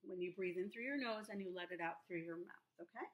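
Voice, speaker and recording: A woman teaching young children, sounding out words slowly and repeating them in a sing-song way. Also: on the low side, reverberant. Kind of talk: remote lesson for young children.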